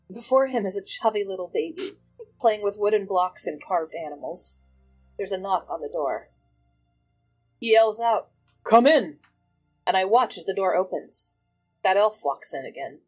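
Husky woman narrating a tabletop vision. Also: medium pitch, moderate pace, darkish tone, soft background music, poor audio. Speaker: player. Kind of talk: casual chat and in-character narration.

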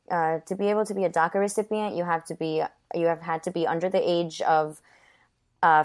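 A woman who was born in Ecuador and raised in New York, telling her life story as an interview guest. She speaks earnestly and fills her talk with "you know" and "like.". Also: fairly low pitch.

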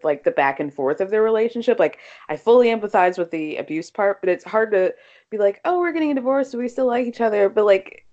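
A woman's voice: mid-range voice, darkish tone. An American woman chatting casually about reality TV, filling her talk with "like" and agreeing often. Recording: dull, lo-fi sound.

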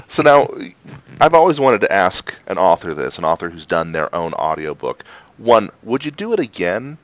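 A man's voice: low voice, sing-song, measured pace, a bit bright, dry recording. An American man co-hosting an interview, jokey, laughing often. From United States. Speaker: podcast co-host. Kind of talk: casual interview chat.

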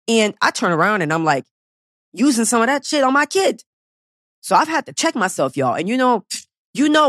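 A woman's voice: on the low side, dry recording, clean studio sound. A woman in her thirties hosting a weight loss podcast, blunt and profane, ranting straight at her listeners. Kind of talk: casual podcast monologue.

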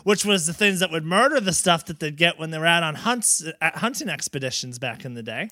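Animated young man, high bright voice. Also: brisk, dry recording, studio quality. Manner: mock-outraged and animated. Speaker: podcast co-host. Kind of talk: casual comedic chat.

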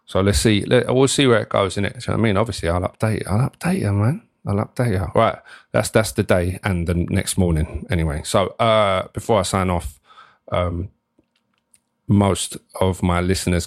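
A man's voice: low voice, no room sound, studio quality. A young man hosting a solo podcast, rambling casually, swearing freely and often restarting his sentences. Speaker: podcast host.

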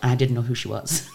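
Older woman, radio guest; low, expressive voice, animated storyteller who acts out each exchange. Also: background noise. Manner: chatty, animated retelling of stories with quoted dialogue. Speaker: guest singer. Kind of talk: radio interview, anecdotal storytelling.

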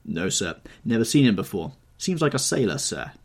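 A man's voice: fairly low pitch, sing-song, normal speed. A man voicing a plain, respectful country gamekeeper in an audiobook reading. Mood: deferential. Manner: respectful, blunt and rustic. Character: plain, deferential male gamekeeper, older.

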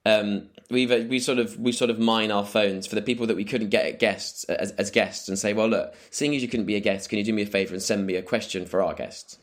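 A man's voice: lowish voice, steady tone, fairly quick, few pauses. Easygoing male podcast co-host. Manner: hesitant, uses fillers. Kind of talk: casual podcast chat.

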